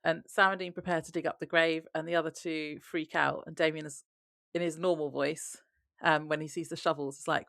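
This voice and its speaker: A woman with a gravelly, lowish voice recaps an episode in easygoing podcast chat. She laughs often and slips quoted lines into her retelling. The sound is close and dry. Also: little pitch movement, moderate pace, fairly bright tone, no echo. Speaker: podcast co-host.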